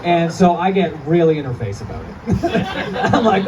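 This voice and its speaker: A man's voice: high-pitched, big pitch swings, fairly quick, muffled recording. Guy doing stand-up, swears a lot, laughs at his own bits, kinda far off mic, club noise behind. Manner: profane, self-mocking, laughing through punchlines. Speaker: stand-up comedian. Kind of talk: stand-up comedy set. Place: comedy club before a live crowd. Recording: distant stage audio with crowd noise. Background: audience laughter and chatter.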